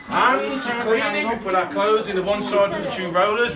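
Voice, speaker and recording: High-voiced man guide, far off. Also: fairly quick, hardly any pauses. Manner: animated, teasing, often shouting. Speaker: costumed shopkeeper guide. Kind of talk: playful call-and-response talk to school group. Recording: roomy, distant mic, loud crowd of children.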